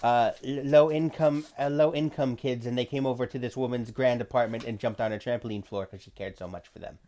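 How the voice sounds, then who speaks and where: A man's voice: medium pitch, fairly even intonation, a little fast, warm tone. A man on a comedy podcast, playfully running an improv game in a mock-formal way. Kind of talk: casual comedic improv chat.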